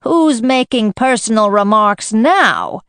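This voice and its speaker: A smug, rude hatter, played by a woman reading, drawing out his words slowly with triumphant deliberation. The storybook recording is dry. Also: mid-range voice, lively intonation, dry recording. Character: rude, smug male hatter, fond of riddles.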